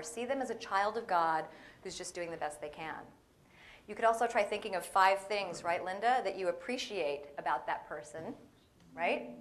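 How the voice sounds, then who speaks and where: Animated woman giving a humorous sermon. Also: medium pitch, a little hiss or hum. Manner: animated, conversational, playful asides to the audience. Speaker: guest preacher. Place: spiritual center hall.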